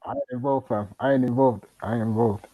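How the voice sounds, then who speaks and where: A man's voice: medium pitch, fairly even intonation, quick pace, noisy background. A man chatting in a laid-back, slangy way in a casual group voice chat.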